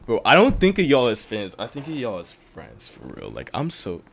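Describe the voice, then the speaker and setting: Excitable young man streaming a game. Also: mid-range voice, moderate pace. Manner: reads chat aloud, excitable, swings between loud outbursts and mumbling. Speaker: livestreamer. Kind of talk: casual live-stream chatter while gaming.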